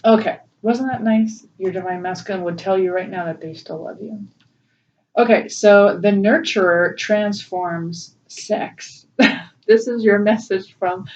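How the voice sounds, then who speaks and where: Emotional woman tarot reader, distant mic. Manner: gentle, emotional, laughs often. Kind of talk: casual spiritual tarot reading. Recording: distant, dull low-fi mic with faint noise.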